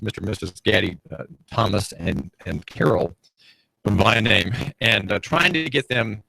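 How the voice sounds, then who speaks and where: A man's voice: mid-range voice, vocal fry, bright, forceful tone, no room sound, low-quality recording. A man with a Southern US accent hosting a radio talk show from a small studio, delivering a sardonic, rambling monologue full of fillers and restarts. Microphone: studio mic, streamed on video.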